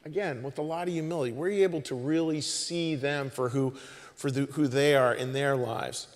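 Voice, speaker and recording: A man's voice: medium pitch, moderate pace. Chatty male pastor in a reverberant hall. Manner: conversational, with many restarts and "you know"s. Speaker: pastor hosting the service. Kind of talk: informal sermon talk to a congregation. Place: church stage.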